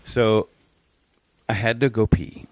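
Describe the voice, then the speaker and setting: A podcast co-host tells a story in casual chat, animated and swearing freely as he acts out the people he quotes. His voice is lowish and slow, with no echo.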